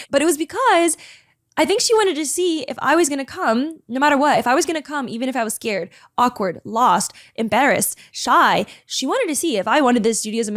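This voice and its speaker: A young woman telling a personal story in a fast, chatty way, full of filler words and emotion. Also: high voice, dry recording, studio quality. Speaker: vlogger sharing a personal story. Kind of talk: casual storytelling to camera.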